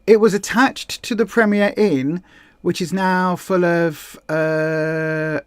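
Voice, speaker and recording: A woman's voice: lowish voice, fairly even intonation, slow pace, clear, resonant tone, no room sound. A woman with a southern English accent hosting a casual livestream, chatting and reading out viewer comments in a rambling, friendly way. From Hampshire, England. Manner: chatty, rambling, with frequent ums and repeated words. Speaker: host.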